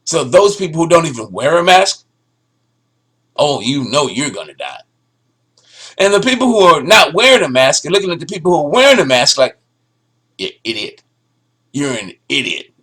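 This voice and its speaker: A man's voice: on the high side, brisk, slightly rough. A man giving sarcastic, ranting news commentary, often restarting his sentences. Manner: sarcastic, ranting, animated delivery with stammered restarts. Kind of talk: opinionated solo commentary.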